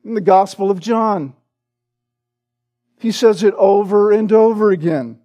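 A male pastor preaching a sermon with emphatic stress on repeated words, often tagging his points with a quick "right?". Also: sits high, warm tone, muffled recording. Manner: peppers points with "right?" tag questions.

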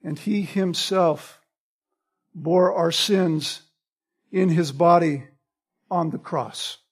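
High-voiced, slow preaching man. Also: breathy edge. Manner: emphatic, repeats key phrases for stress; quotes scripture with chapter and verse. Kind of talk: sermon.

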